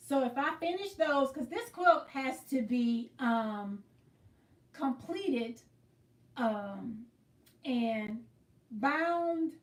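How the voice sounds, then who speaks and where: A woman with a high, bright-sounding voice chats her way through a quilting livestream, talking viewers through each step. She sits a little away from the mic, and the room around her echoes. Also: distant mic. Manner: chatty, greets viewers by name, explains as she works. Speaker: livestream host. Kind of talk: casual livestream chat while quilting.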